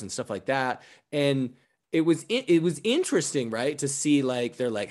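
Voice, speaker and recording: A man co-hosting a podcast, speaking casually and haltingly, often restarting and trailing off. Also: on the high side, sing-song. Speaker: podcast co-host. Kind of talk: casual conversation.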